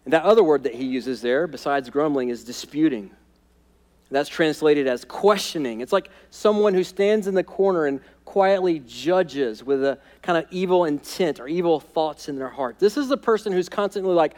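Male pastor, sermon, high voice, emphatic repetition, long reverb of a church hall. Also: expressive, moderate pace. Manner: emphatic, repeats key phrases, drops to quiet intensity. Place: church sanctuary.

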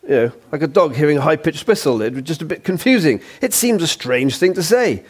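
Male preacher with a husky, slightly high voice, who preaches conversationally and drops in jokes. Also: brisk. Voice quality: husky, lively and conversational, with playful asides. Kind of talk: sermon. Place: church.

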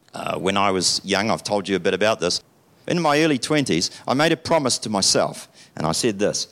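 A middle-aged man, preaching a sermon and telling stories in which he acts out the people involved. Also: on the low side. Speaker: pastor.

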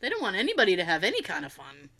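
A woman's voice: medium pitch, racing, gravelly. A young woman co-hosting a podcast, telling a story in casual chat with lots of laughter and mimicry. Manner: animated storyteller, laughs often, mimics others in quotes. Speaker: podcast co-host.

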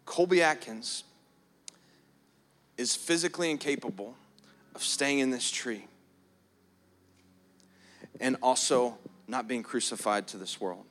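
A man preaching a sermon as pastor in a church, earnest, often repeating words and stretching them out for emphasis. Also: mid-range voice. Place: church hall. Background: soft keys playing.

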